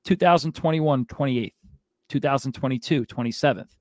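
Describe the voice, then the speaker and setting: A man's voice: mid-range voice, moderate pace, no room sound, clean studio sound. A man co-hosting a sports podcast, ranting in a fired-up, exasperated way. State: out of breath. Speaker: podcast co-host.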